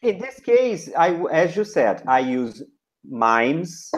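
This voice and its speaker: A man coaching a new teacher. His pitch swings a lot as he acts out classroom commands, and he speaks slowly, in short deliberate chunks. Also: big pitch swings, a little hiss or hum. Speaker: teacher trainer. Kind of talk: teaching feedback session.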